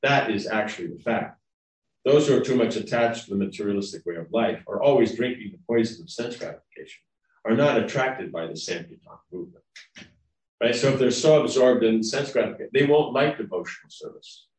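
A man's voice: mid-range voice, animated, a little fast, a little mellow. A man giving a devotional class lecture in a rambling, conversational way, often checking in with his listeners. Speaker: spiritual lecturer. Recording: roomy, distant mic.

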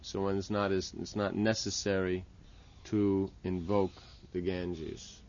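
A man's voice: deep voice, little pitch movement, measured pace, a little mellow, dull audio. A man teaching the steps of a temple worship ritual, explaining patiently and often checking with "right?". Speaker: religious teacher. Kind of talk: instructional talk on temple worship.

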